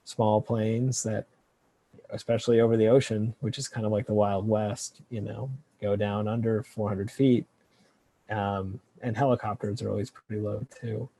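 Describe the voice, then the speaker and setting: Gravelly, husky low-voiced man. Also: moderate pace, no echo. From California. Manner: relaxed, hesitant, many fillers and restarts. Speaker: kelp researcher guest. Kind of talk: casual interview answers.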